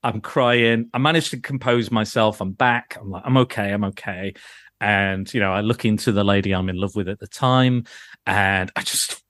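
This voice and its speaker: A man's voice: on the low side, normal speed, a bit bright, no room sound, studio quality. A man co-hosting a podcast in casual chat, rambling and self-deprecating, swearing and laughing often as he talks. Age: adult, grew up in the nineties. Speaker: podcast co-host.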